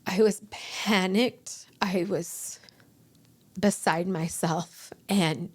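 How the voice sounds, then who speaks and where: A woman in her forties, a podcast guest, telling an emotional personal story in a halting way, with restarts and acted-out quotes. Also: on the low side, steady tone, husky.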